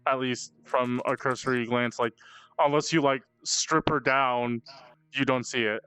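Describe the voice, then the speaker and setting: A man's voice: mid-range voice, steady tone, a little slow, pushed and bright, clear, resonant tone, dry recording. A man narrating casually as game master, stammering over restarts as he describes the scene. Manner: stammering restarts, laughing asides.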